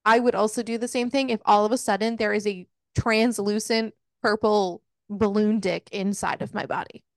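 A woman co-hosting a casual podcast, recapping a book in an exasperated, swearing, animated way and voicing the characters' lines. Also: medium pitch, normal speed, dry recording, clean studio sound. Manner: swearing, exasperated, animated retelling with voiced quotes. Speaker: podcast co-host.

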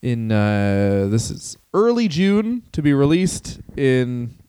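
A man's voice: mid-range voice, big pitch swings, takes it slowly, mellow, clean tone, no room sound. A man co-hosting a comedy podcast, rambling and profane with many restarts. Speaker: podcast co-host. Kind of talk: casual comedic banter.

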